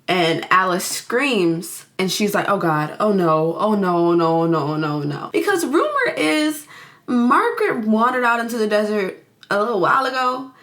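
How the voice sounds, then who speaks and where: A woman's voice: medium pitch, a bit bright. A young adult woman casually retelling a movie plot for her channel. She is chatty and giggly, says "like" a lot and acts out the characters. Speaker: YouTuber reviewing a film. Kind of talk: casual film recap.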